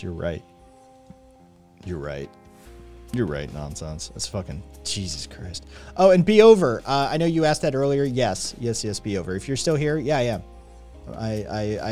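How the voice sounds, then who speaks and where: A man's voice: on the low side, a little mellow. A man streaming live, chatting casually with viewers in a rambling, sarcastic way, with lots of swearing and filler words.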